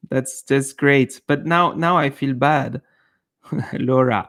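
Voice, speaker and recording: A man's voice: medium pitch, slow, a bit bright. A young man hosting a live stream, chatting casually with his viewers and reading comments, laughing often between many fillers.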